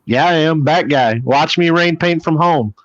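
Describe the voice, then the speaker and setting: A man's voice: fairly high pitch, normal speed, dry recording. Blunt, opinionated man on a dull mic. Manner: blunt, opinionated, repeats himself. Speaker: player and guest. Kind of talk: casual group chat.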